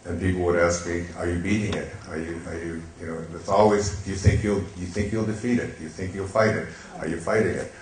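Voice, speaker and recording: An older man telling a gentle, meandering story with soft laughs and many fillers. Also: low-pitched, fairly even intonation, fast, few pauses, roomy sound, slight background noise, low-quality recording. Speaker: speaker. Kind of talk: reflective storytelling talk.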